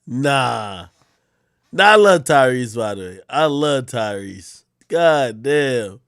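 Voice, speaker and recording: A man's voice: mid-range voice, takes it slowly, smooth, dry recording, studio quality. A man hosting a live stream, making sarcastic, mocking commentary on clips he plays. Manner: sarcastic, mocking, animated reactions. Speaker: streamer host.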